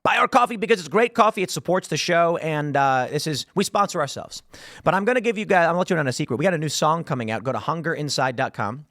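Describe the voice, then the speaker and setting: A man hosting a political commentary show, talking in an animated, sarcastic way with riffing asides. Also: fairly high pitch, quick pace, dry recording, studio quality. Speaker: host.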